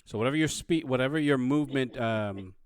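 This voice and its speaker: A man narrating a tabletop game as dungeon master, halting and full of restarts. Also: medium pitch.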